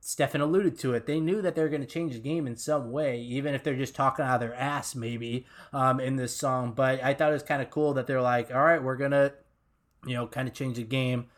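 A male podcast co-host chats casually and enthusiastically about song lyrics, laughing a lot and filling his speech with ums and restarts. He talks briskly, with a medium pitch and fairly even intonation.

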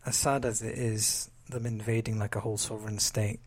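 A man's voice: lowish voice, little pitch movement, fairly quick. A young man co-hosting a podcast, chatting casually and joking, often laughing between remarks. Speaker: podcast co-host. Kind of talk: casual chat.

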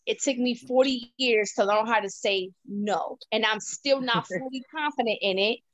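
A woman in her forties with a high voice talks with blunt, profane candor. She tells stories about her own life as a podcast co-host. The sound is close and dry. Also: moderate pace, dry recording. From United States. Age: 40s. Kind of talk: casual chat.

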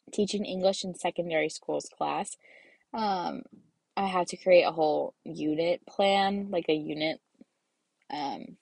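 A woman's voice: fairly low pitch, no room sound. Twenties woman, casual rambling vlogger, congested, dry close-miked sound. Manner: rambling, filler-heavy, lively storytelling. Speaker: student vlogger. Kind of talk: casual chatty vlog.

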